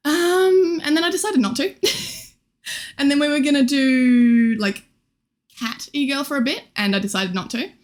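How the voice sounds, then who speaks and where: A woman's voice: high-pitched, normal speed. A young woman streaming live, chatting casually and greeting viewers, giggly and scattered, her voice a little worn. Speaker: Twitch streamer.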